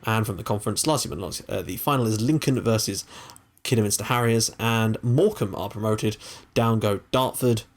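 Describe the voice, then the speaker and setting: A young man hosting a gaming channel, chatting casually and excitably over his game, with the odd swear. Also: fairly low pitch, fairly quick.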